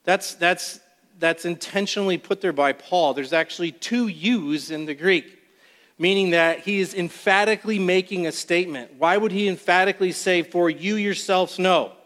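A man preaching an expository sermon, reading scripture aloud and then explaining it verse by verse with deliberate emphasis. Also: sits high, a bit bright. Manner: deliberate, emphatic Bible teaching. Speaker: pastor. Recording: long reverb of a large hall.

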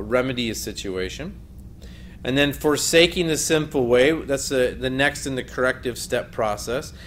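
A man's voice: mid-range voice, a bit bright, a little hiss or hum. A man teaching a lesson on biblical counseling in an earnest, emphatic way, often quoting scripture. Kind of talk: recorded teaching lecture.

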